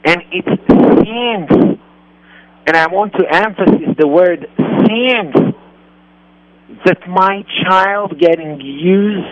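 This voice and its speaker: A man who speaks natively, talking earnestly about parenting on a radio show, repeating and rephrasing his points. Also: sits high. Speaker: rabbi and radio host. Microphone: radio studio mic. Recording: dull lo-fi radio recording.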